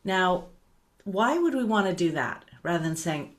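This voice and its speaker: Woman, middle-aged, meditation teacher, gentle, unhurried, slightly low voice, soft trailing repetitions. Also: animated.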